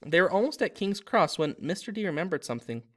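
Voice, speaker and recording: Animated man reading a storybook. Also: high-pitched, fast talker. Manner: animated, with slips and self-corrections. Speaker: narrator and author. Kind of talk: reading a fan parody storybook aloud.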